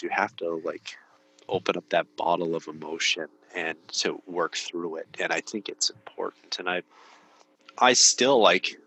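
Low-voiced earnest man, bright tone. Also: low-quality recording. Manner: earnest, rambling storyteller, heavy use of "like". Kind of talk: casual podcast conversation.

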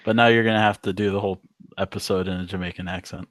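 A man's voice: deep voice, fairly even intonation, quick pace, no room sound. A man co-hosting a casual podcast, teasing in a dry way. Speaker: podcast co-host.

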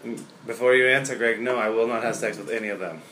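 A young man with a bright, forceful voice, joking and self-deprecating as he rambles through loose conversation with fellow comedians. A faint hiss sits under the recording. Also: mid-range voice, steady tone, fast. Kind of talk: casual chat among comedians.

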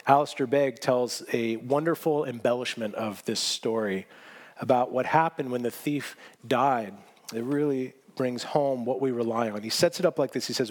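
A man's voice: mid-range voice, normal speed. A man preaching a sermon as pastor, earnest and emphatic, repeating key phrases and often restarting sentences.

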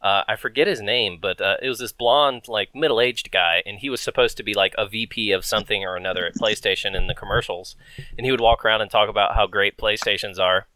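A man's voice: on the low side, fairly quick, sharp tone, no room sound. A man co-hosting a casual podcast, telling rambling stories full of fillers. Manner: rambling storyteller, lots of fillers. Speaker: podcast co-host. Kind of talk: casual chat.

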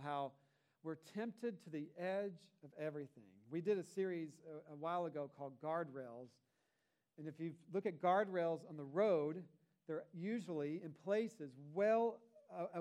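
A man's voice: high-pitched, darkish tone. A man, a pastor, preaching a sermon in a conversational way, with rhetorical asides to the congregation.

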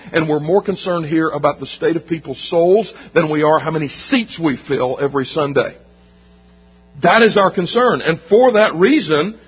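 Speaking from a church sanctuary, this pastor delivers his sermon in a husky voice that sits on the high side. He is emphatic yet conversational and repeats phrases for weight, captured on a dull recording full of long hall reverb.

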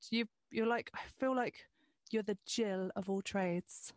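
A woman's voice: medium pitch, measured pace, dry recording, studio quality. A woman hosting a podcast in casual chat, talking freely with frequent restarts and the odd swear word. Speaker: podcast host.

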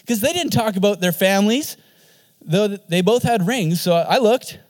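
High-voiced man preaching a lively sermon. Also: moderate pace. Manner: animated, repeats words when emphatic. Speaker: pastor.

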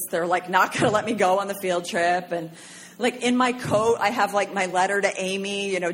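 A woman from Pennsylvania telling a personal story on stage, chatty and animated, with many "like" fillers. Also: mid-range voice, slight background noise. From Pennsylvania, USA.

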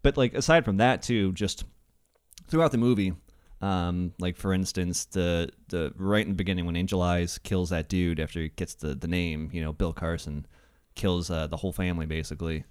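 A man co-hosting a casual film podcast, animated and quick to act out scenes in a loud voice. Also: deep voice, clean tone, no room sound, clean studio sound. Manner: animated, breaks into loud shouted impressions. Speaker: podcast co-host.

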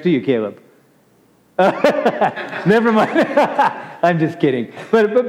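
A man's voice: a little high, a little mellow. A middle-aged male pastor giving a chatty, joking sermon, teasing himself and his congregation. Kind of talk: conversational sermon. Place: church sanctuary. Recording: dull recording with long hall reverb.

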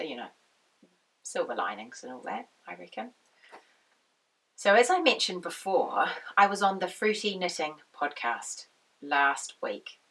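A woman with a slightly low, croaky voice chats to her viewers. She rambles easily and drifts into tangents. She sits a little way back from the microphone. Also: sharp tone, recorded from a distance, low-quality recording. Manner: chatty, rambling, goes off on tangents. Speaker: knitting podcast host. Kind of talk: casual chat to camera.

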